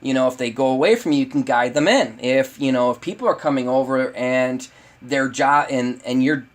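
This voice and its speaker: A man teaching a dog training webinar in a casual way, talking straight to viewers with many fillers and restarts. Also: moderate pace. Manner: acts out lively owner voices in high pitch.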